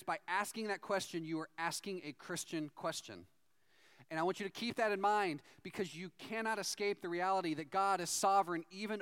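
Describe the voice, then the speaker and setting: High-voiced male pastor preaching. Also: clean tone. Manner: conversational, animated storytelling. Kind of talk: sermon.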